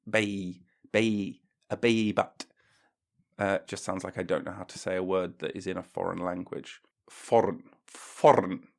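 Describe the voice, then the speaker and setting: Gravelly man ranting in mock-pompous comedy. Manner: mock-pompous, jumps into silly high voices and shouts. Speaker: podcast host.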